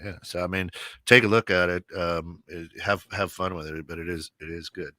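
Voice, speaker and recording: A man's voice: sits low, steady tone, moderate pace, pushed and bright, dry recording, clean studio sound. A man co-hosting an internet radio talk show, chatting casually and often stumbling over repeated words. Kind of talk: casual chat.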